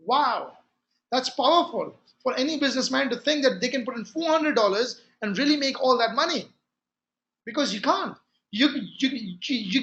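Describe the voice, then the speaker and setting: A man's voice: extremely high pitch, sharp tone, dull audio. A man giving a sales training talk, emphatic and repeating his key phrases with frequent restarts.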